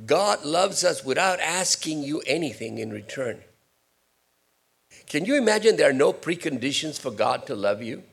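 A man preaching a sermon, moving between quiet, low asides and loud, high-pitched rhetorical questions. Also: gravelly, slightly rough. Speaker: pastor.

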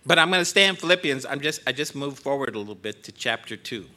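In the sanctuary of a church, a visiting preacher in his sixties begins choked up, cracking jokes at his own expense. He is a fast talker with lively intonation and a mid-range voice that is pushed and bright.

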